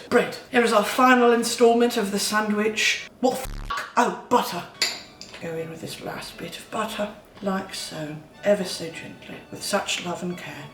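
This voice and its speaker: A woman's voice: medium pitch, slight background noise. A young woman in her twenties hosting a comedic cooking vlog, putting on a playful mock English accent with cheeky, profane, self-mocking asides. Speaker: host. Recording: echoey room, mic at a distance.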